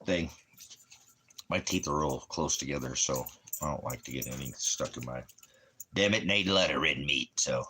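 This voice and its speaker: A man's voice: extremely low pitch, normal speed, long pauses, pushed and bright, slight background noise. A man hosting an internet ministry channel, talking in a rambling online monologue that keeps drifting into jokes he laughs at himself.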